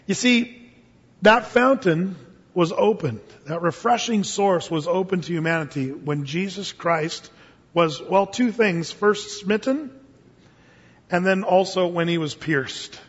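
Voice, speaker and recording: A man preaches with animated delivery, laughing and jumping into character voices. His voice sits high and a little husky. It rings through a large hall with long reverb, heard on a dull, muffled recording. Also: slow pace. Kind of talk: sermon.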